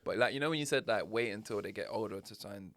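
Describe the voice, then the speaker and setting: Gravelly man, animated chat. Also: on the low side, fast talker, no echo, clean studio sound. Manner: animated, jokey storytelling. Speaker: podcast co-host. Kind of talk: casual chat.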